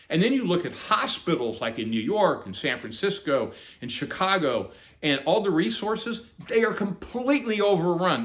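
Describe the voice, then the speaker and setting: A man's voice: high-pitched, a bit bright. A man from the United States giving an emphatic, indignant opinion monologue as host of his own channel.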